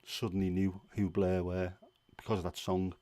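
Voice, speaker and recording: Scouse man hosting a casual live chat, lowish voice, dry close sound, rambling with ums. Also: flat delivery, moderate pace, dark tone, dry recording. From Liverpool, England. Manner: rambling, chatty, many fillers. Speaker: livestream host. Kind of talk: casual chat answering viewers.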